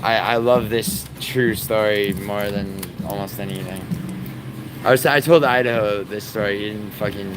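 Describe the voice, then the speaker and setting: A man's voice: fairly low pitch, noisy background. A man hosting a livestream, talking in a crude, profane and rambling way, mocking his chat. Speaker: livestream host.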